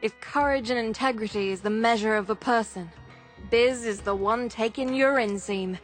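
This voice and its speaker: An actress playing a gruff, seasoned woman who leads a workers' union in a video game; she talks in blunt, clipped, weary lines. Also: on the high side, moderate pace, soft background music, lightly acted. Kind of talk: video game character dialogue.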